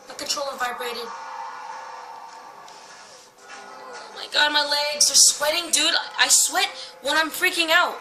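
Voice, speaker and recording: High-pitched panicky woman gamer. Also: unhurried, long pauses, low-quality recording. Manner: jumpy, panicky and swearing, talking to viewers. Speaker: gaming channel host. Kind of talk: horror let's play commentary. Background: game music.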